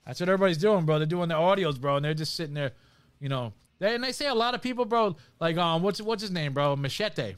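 A man's voice: a little high, lively intonation, quick pace, smooth. A man co-hosting a podcast in loose casual chat, dropping "bro" and "dude" and swearing freely. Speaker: podcast co-host.

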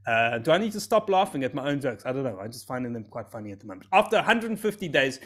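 A man's voice: mid-range voice, big pitch swings, fast talker, a bit bright. A man, telling a scripture story as a comedy routine with self-amused, rambling asides. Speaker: comic storyteller.

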